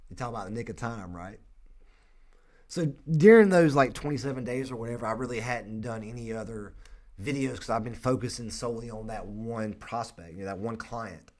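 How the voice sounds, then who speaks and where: A young man with a North Carolina accent, a real estate agent telling a personal story in an earnest, halting way. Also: mid-range voice. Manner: earnest, emotional, halting with frequent restarts.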